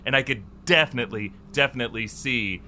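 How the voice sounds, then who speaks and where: A man's voice: mid-range voice, fast, bright, forceful tone, a little hiss or hum. A man hosting a casual entertainment panel show, joking and laughing between topics. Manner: jokey, laughs often. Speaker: host.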